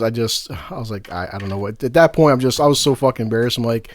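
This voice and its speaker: A man's voice: mid-range voice, very fast. A man on a podcast telling a crude story with lots of swearing, breaking into laughs and acting out quotes. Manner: heavy swearing, laughs mid-sentence, acts out quotes. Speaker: podcast co-host.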